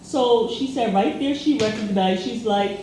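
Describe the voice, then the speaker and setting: A woman's voice: on the high side, a little slow, warm tone. A woman co-hosting a casual chat, telling a story in a loose, filler-heavy way. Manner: chatty storytelling with many fillers. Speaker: co-host. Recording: echoey room, faint noise.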